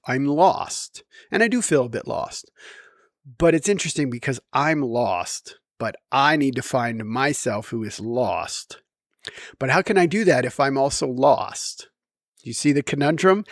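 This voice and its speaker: A man's voice: mid-range voice, lively intonation, unhurried, no echo, studio quality. A middle-aged man musing at home in a rambling, wry, self-deprecating monologue. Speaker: vlogger.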